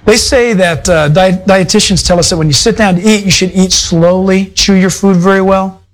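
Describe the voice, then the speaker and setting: A man's voice: high-pitched, steady tone, normal speed, faint music behind, rough recording. A male pastor preaching a sermon in a conversational, folksy way, full of asides to his congregation. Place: church fellowship hall.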